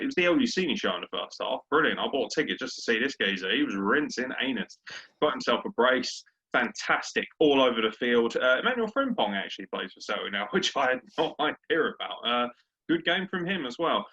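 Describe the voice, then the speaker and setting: A man's voice: mid-range voice, big pitch swings, fairly quick, bright, forceful tone, slightly rough. Brash sweary man ranting. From Britain. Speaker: podcast co-host. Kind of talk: casual sports chat. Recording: dull lo-fi audio.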